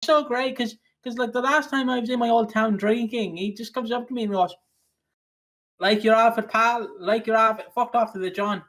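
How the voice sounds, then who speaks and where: A man's voice: very high voice, fairly even intonation, a little fast, hardly any pauses, fairly bright tone, poor audio. A man co-hosting a casual podcast, telling stories with lots of swearing and laughter. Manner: sweary, giggly storyteller. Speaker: podcast co-host. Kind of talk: casual anecdote chat.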